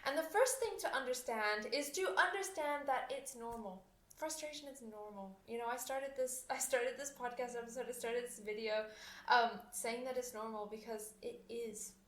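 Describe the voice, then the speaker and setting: A woman's voice: a little high, moderate pace, a bit bright. A young adult woman hosting a podcast, chatting casually with lots of fillers and restarts, often laughing. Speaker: podcast host and oboist. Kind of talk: casual solo podcast talk. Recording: echoey room.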